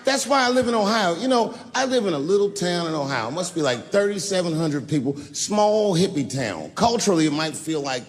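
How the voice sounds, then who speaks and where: A male comedian doing a stand-up set, telling profane stories that swing from shouts to low mutters. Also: lively intonation, fairly quick, few pauses, big-room sound.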